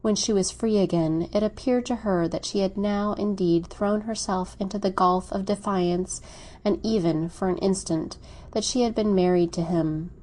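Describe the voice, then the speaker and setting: A woman reading a classic novel aloud as an audiobook narrator, in a measured, unhurried way. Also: mid-range voice, fairly even intonation, dark tone.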